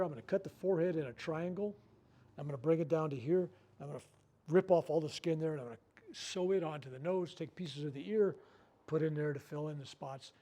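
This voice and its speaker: An older man giving a workshop talk, telling a personal story with lively acted-out quotes and repeated words. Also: on the high side, husky. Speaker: workshop speaker. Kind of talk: storytelling talk to a live group.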